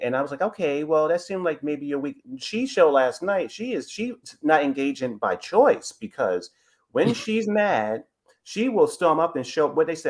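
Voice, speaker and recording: A man's voice: a little high, big pitch swings, normal speed, breathy edge. A man calling in to a live show, giving rambling, gossipy commentary on a reality TV episode. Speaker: caller. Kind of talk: casual call-in commentary.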